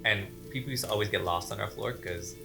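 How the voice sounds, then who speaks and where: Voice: low-pitched, fast talker, gravelly, faint music behind. A casual storyteller recounting ghost stories from work, acting out the voices of people in each tale. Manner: animated, acts out voices in anecdotes. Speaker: dance company member telling ghost stories.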